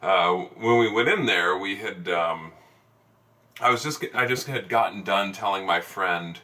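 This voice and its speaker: Rambling man with a bright, distant voice. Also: deep voice, unhurried. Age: adult, over ten years in sales. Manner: rambling, many fillers and restarts. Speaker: salesman vlogger. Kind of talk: casual storytelling.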